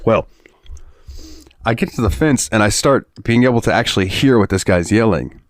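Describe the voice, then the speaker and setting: Male podcast host, low voice, dry close sound, swears and laughs through his stories. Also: expressive, normal speed, no room sound. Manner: profane, laughing storyteller. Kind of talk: casual chat.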